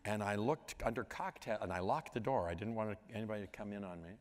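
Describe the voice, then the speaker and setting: A man in his sixties from Pittsburgh telling stories at a live onstage conversation, meandering and halting, now and then scatting a tune. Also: fairly low pitch. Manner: meandering, halting, with sung scat sounds. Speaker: interview guest. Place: large auditorium. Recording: long hall reverb with audience. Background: audience.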